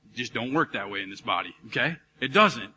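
A man in his thirties preaching a sermon to a congregation, animated and calling out to the crowd. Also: mid-range voice, a little fast, slight background noise. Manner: animated, calls out to congregation, acts out dialogue. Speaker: pastor. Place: church hall. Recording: live hall recording with reverb.

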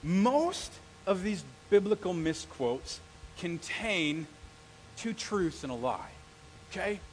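A middle-aged male pastor preaching a sermon, telling stories and acting out the quotes with lively energy. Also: high voice, slow, slight background noise, low-quality recording. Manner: animated storytelling with acted-out quotes.

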